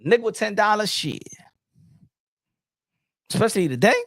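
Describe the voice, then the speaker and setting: A man hosts a boxing podcast in a casual, blunt, profane rant, frequently repeating words as he restarts his thoughts. His voice is high-pitched and fairly bright with lively intonation at a moderate pace, in clean studio sound with no room noise.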